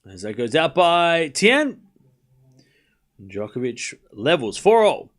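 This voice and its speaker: A man hosting a live tennis watchalong stream, calling points quickly, chatting with viewers and groaning out loud when things go wrong. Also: fairly high pitch. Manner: excitable, groans and cries out at points. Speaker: stream host.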